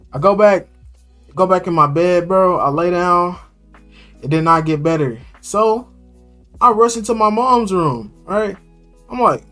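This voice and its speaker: A young man telling a story in an animated, slangy way, tossing in "bro" a lot. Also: sits high, moderate pace, faint music behind. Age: young adult. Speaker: streamer.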